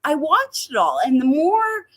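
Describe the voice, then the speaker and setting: Woman guest, self-deprecating chatter, animated high voice. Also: measured pace, dry recording. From Canada. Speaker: guest home grower. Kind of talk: casual podcast chat.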